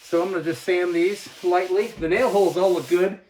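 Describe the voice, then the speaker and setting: A man's voice: sits high, a little fast, echoey room, slight background noise. A man in his thirties, hosting his own channel, talking casually to the camera while he works inside an unfinished cabin. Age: 30s. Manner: relaxed, chatty, explains steps plainly. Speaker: host of a cabin-building channel.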